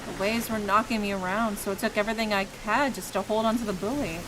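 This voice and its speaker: A woman's voice: mid-range voice, quick pace, background noise, lightly acted. A woman voicing an earnest, troubled young man in a game, speaking seriously.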